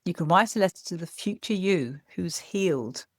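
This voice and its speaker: A woman therapist, gently explaining practical tips in a podcast conversation. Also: lowish voice, animated, moderate pace, dry recording, clean studio sound. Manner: gentle, explanatory, frequent "as well". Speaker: psychotherapist guest.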